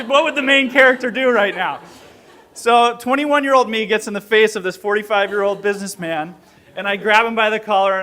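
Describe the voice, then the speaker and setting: A man giving an inspirational talk to a gathering, telling a story with lively acted-out dialogue and laughing at himself. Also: high-pitched. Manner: animated, acts out quoted dialogue, laughs at own story. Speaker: speaker at a gathering.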